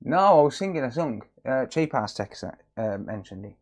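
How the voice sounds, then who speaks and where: A man's voice: medium pitch, big pitch swings, moderate pace. Chatty man muttering at his workbench. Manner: chatty, teasing, often muttering while working. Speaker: streamer repairing electronics. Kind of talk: casual live-stream chat.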